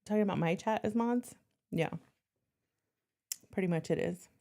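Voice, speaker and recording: A woman's voice: mid-range voice, normal speed, creaky, warm tone. A woman talking on a casual livestream in a blunt, defiant way, swearing often.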